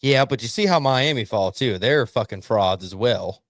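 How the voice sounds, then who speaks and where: A man's voice: mid-range voice, lively intonation, moderate pace, dry recording, clean studio sound. A man co-hosting a podcast, talking bluntly and profanely about college football in casual chat. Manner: blunt, profane, acts out coaches' yelling. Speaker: podcast co-host.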